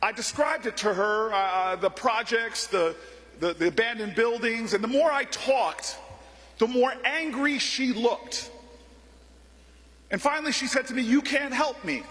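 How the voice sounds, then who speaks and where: A man delivers a passionate speech, his voice sitting very high for a man. He builds rhythm through repeated phrases as he tells stories. The sound carries a long echo from a large hall. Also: unhurried, a bit bright. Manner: rhythmic repetition, storytelling. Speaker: political speaker. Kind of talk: impassioned speech.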